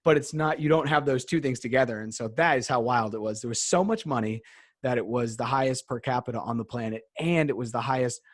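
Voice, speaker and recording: A man in his thirties talking on a podcast in a relaxed, easygoing way, full of fillers. The recording is dry and close. His pitch sits in a middle range. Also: fast, dry recording. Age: 30s. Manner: relaxed explaining, filler-heavy. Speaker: podcast host. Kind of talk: casual conversation.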